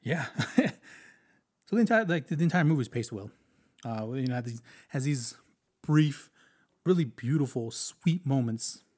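A man casually talking through a war film he watched, animated and chatty, acting out lines from scenes and laughing often. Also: medium pitch, moderate pace, pauses often, breathy edge. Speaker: movie reviewer.

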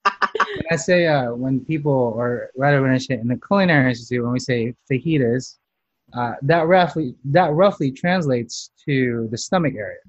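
A man's voice: mid-range voice, expressive, moderate pace, no echo, dull audio. A man hosting a casual food podcast as a chef, chatty and self-mocking, restarting his sentences often. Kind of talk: casual chat.

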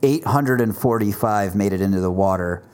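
A man hosting a podcast, telling stories in casual chat with relaxed filler words. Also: lowish voice, moderate pace. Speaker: podcast host.

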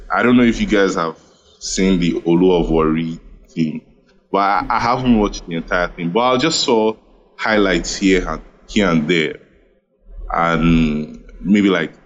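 A man's voice: fairly low pitch, lo-fi sound. A man from Nigeria speaking passionately in a casual online audio-room chat, often repeating himself and apologizing. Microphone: phone in an online audio room.

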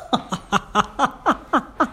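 A woman's voice: on the high side, animated, drawn-out words, sharp tone, breathy edge. A woman hosting a solo podcast, chatting casually and playfully, often breaking into laughter and mock indignation. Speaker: podcast host.

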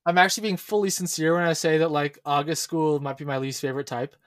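Brief: young man, slightly high voice, playful rambling delivery full of fillers, casual podcast co-host. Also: steady tone, quick pace, no echo. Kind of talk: casual chat.

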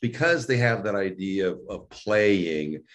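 A man with a low-pitched voice talks casually as a voice coach on a video call. He tells his stories animatedly, acts out the lines he quotes, and often restarts his sentences. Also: expressive, a little slow. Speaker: voice and speech coach. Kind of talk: casual online interview chat.

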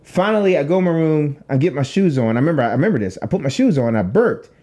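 A man's voice: fairly high pitch, fast. A young man, a podcast co-host, telling a long profane story in casual chat and acting out the voices in it. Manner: animated, profane storytelling with acted-out quotes.

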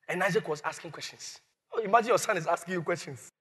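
High-voiced preacher, echoing hall. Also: male voice, a little fast, pauses often, slightly rough. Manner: animated, shouting and laughing, acting out scenes. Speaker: pastor. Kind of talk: sermon. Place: church.

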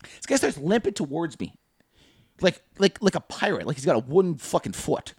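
Young man, casual podcast chat, lively swinging pitch, swears a lot, dry close sound. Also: moderate pace, breathy edge, no room sound. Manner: animated storytelling, heavy swearing. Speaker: podcast co-host.

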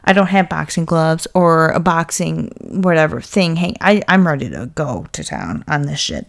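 A woman's voice: deep voice, creaky. A young woman hosting a podcast who vents in a casual, blunt and profane monologue, getting fired up as she talks. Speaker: podcast host.

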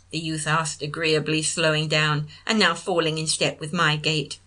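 A middle-aged woman, reading her own memoir story in a wry, gently humorous manner. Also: sits low, level tone, normal speed. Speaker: narrator.

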